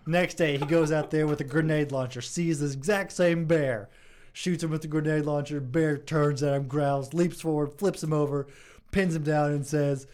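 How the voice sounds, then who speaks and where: A man telling jokes in a comedy radio chat, deadpan and self-mocking. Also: a little high, moderate pace, slight background noise.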